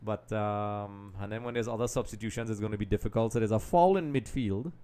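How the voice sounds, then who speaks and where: A man hosting a live football watch-along, chatting straight to viewers and often dropping into quiet mutters while he multitasks. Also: on the low side, fairly quick, clean tone. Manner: distracted, multitasking while commenting; trails off into quiet mutters and restarts. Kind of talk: casual live match commentary.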